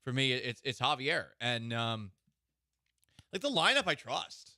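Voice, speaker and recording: Sports radio guy, very bright voice, dry studio sound, gets worked up and rants. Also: mid-range voice, a little slow, no echo. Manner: animated, ranting, mocking. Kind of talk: casual sports radio banter.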